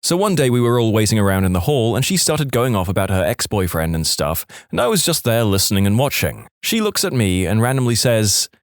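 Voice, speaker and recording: A man narrating online stories aloud with a playful, expressive storytelling manner, acting out the quoted lines. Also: on the low side, fairly quick, few pauses, dry recording, studio quality.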